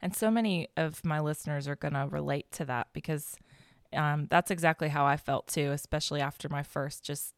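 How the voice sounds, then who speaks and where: A woman hosts an interview, answering her guest's story with empathy. Her voice is very low and smooth. The recording is dry and close, with no room sound. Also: fairly quick, no echo. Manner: empathetic, affirming. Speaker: podcast host.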